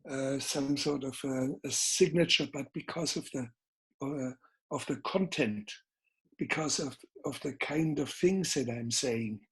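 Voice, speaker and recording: Older man with a Bavarian German accent. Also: mid-range voice. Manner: measured, deliberate, emphatic phrasing. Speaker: guest filmmaker. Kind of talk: interview conversation.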